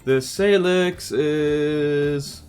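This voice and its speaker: A man with an Australian accent streams a game, chatting casually, joking, and laughing easily over the gameplay. His voice is on the high side with a darkish tone, and faint music plays behind him.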